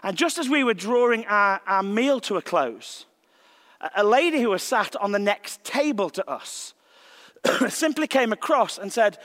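A man preaching a sermon in a gentle, reflective tone, his fairly high voice unhurried as he weaves scripture into a personal story. His voice rings with the long reverb of a large church sanctuary. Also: lively intonation. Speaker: visiting preacher.

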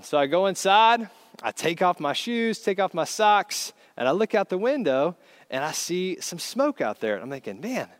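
A man preaching a storytelling sermon in an animated, conversational way. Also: a little high, smooth.

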